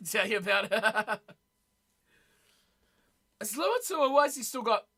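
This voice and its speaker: A man hosting a live stream in an easy, chatty way. He talks to his viewers as if they were in the room, repeating words as he reacts. His voice sits high and has a sharp, bright edge. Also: expressive, moderate pace, long pauses. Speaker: streamer reading live chat. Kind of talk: casual live-stream chat.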